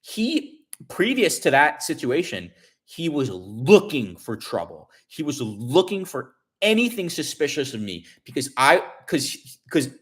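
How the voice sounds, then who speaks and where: A man's voice: on the high side, very animated, a little slow, fairly bright tone, husky. Rambling man telling an upset story. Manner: rambling, many restarts and fillers; swears when upset. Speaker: vlogger. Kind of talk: casual storytelling.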